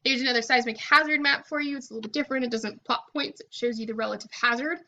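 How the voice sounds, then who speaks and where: A woman's voice: fairly high pitch, fast talker, sharp tone, dull audio. A woman teaching a recorded college lecture, explaining in a casual way with frequent "um" and "okay" checks. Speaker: college geology instructor.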